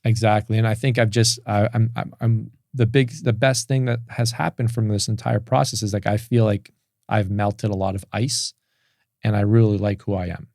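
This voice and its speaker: A man's voice: on the low side, little pitch movement, moderate pace, vocal fry, a little mellow, dry recording, clean studio sound. A man speaking as a podcast guest, telling an emotional personal story in a candid, open way with many restarts. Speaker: podcast guest, business coach.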